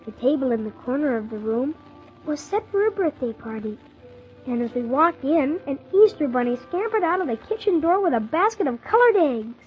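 A woman's voice: high-pitched, big pitch swings, moderate pace, soft background music. A woman voicing a polite young boy narrator. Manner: earnest, polite. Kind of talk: storybook narration and dialogue. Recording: dull lo-fi old recording.

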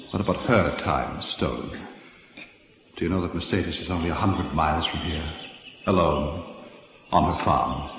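A sardonic brother, mocking and insinuating, old radio play. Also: male voice, deep voice, background noise, heavily acted. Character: sardonic, needling man, a rival brother. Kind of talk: 1940s radio acting.

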